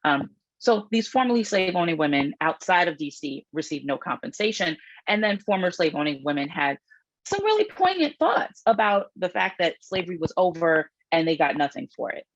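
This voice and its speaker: Gravelly, husky woman reading aloud. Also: sing-song, moderate pace, dry recording, highs cut off. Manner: raises her pitch when reading quoted passages, frequent fillers and restarts. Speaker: author giving a public book talk. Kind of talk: reading aloud from her book with asides.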